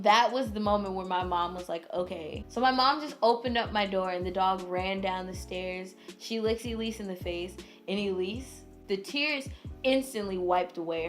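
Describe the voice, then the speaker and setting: A young adult woman vlogger telling a funny story in a casual, animated way, full of "like" and dramatic re-enactment. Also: mid-range voice.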